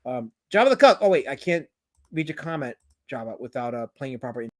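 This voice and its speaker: A man's voice: medium pitch, sing-song, a little fast. Tired, joking man hosting a livestream. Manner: rambling, joking, reads chat aloud, swears. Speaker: livestream host. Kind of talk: casual livestream chat.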